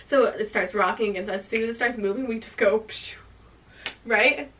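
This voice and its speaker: Bright, animated young woman storyteller. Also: a little high, fast talker. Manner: animated, heavy filler "like", laughing. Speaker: vlog host. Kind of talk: storytime chat. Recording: voice a bit distant from mic.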